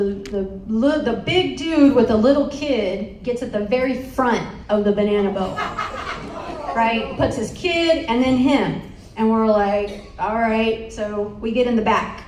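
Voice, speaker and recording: A young adult woman telling a story at a conference, animated and laughing, with lots of restarts. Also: a little high, a little hiss or hum. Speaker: motivational speaker. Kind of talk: storytelling speech to a live audience. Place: conference hall. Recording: echoey hall, from far off.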